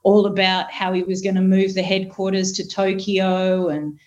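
A woman guest on a panel podcast, telling a relaxed story in a casual, conversational way. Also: medium pitch, normal speed, dull audio. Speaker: panel guest, solution consultant.

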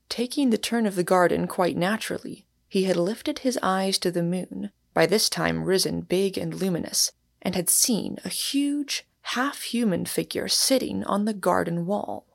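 Woman narrator, audiobook reader, mid pitch with gravelly fry, measured delivery. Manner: measured, storytelling. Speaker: podcast host and reader.

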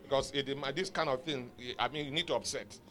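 A man's voice: medium pitch, a little fast, fairly bright tone, a little hiss or hum. A man preaching a sermon in a church, emphatic and exhorting, calling out to his congregation for responses. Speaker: pastor. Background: faint music from outside.

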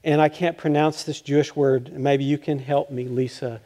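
A man's voice: fairly high pitch, dark tone. Older male pastor, chatty sermon. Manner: conversational, self-deprecating, halting with restarts and chuckles.

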